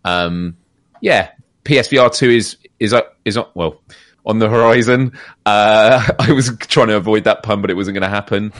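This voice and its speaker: A man's voice: fairly low pitch, normal speed, no room sound. A man co-hosting a casual gaming podcast, thoughtful and a little hesitant, self-deprecating. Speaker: podcast co-host.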